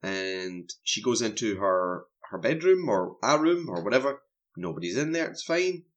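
A man's voice: fairly low pitch, very animated, moderate pace, muffled recording. A man, co-hosting a casual film review chat and animatedly recapping scenes. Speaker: film podcast co-host.

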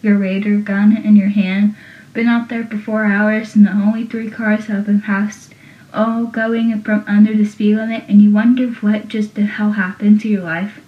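A woman's voice: mid-range voice, moderate pace, natural voice. A sarcastic teenage boy grumbles through his lines, as a young woman reads him aloud. The voice is distant and roomy, with a dull, muffled sound. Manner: sarcastic, read flatly. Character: wisecracking teenage boy deputy.

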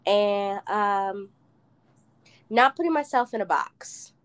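A woman's voice: medium pitch, slow pace. A woman chatting casually, laughing often and filling her talk with "like". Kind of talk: casual chat.

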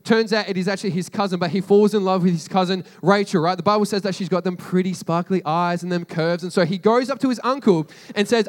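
High-voiced man retelling a story casually. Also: fairly even intonation, brisk, few pauses. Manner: chatty, slangy retelling with lots of "like" and asides to listeners.

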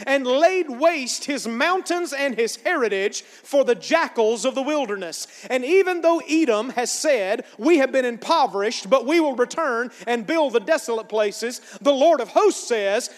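A very high-voiced man preaches a sermon in a church sanctuary, his words ringing with a long hall reverb. He leads the congregation in call-and-response and builds up to shouted lines. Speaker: pastor.

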